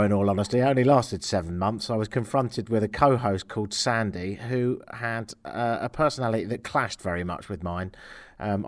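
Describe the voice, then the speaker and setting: Male host, candid, wry, low voice. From Britain. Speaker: radio host. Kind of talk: reflective narration.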